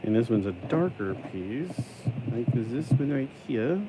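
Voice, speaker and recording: A man's voice: mid-range voice, animated, unhurried, background noise. A man casually narrating his LEGO build, rambling and joking to himself, slipping into a put-on accent. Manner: rambling, talks to himself, sings and jokes while building; puts on a stuck-in accent today. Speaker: YouTuber building a LEGO set.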